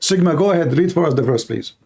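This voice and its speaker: Insistent man with a high voice debating. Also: expressive, fast, a little mellow, breathy edge. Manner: insistent, repeats himself, talks over the caller. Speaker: debate host. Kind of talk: live religious debate.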